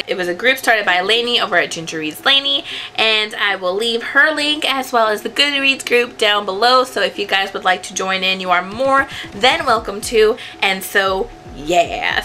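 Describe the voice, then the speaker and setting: Young female vlogger, casual and rambling, bright tone, light music bed underneath. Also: mid-range voice. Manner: chatty, rambling, self-correcting. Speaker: book vlogger. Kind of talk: casual chat to camera.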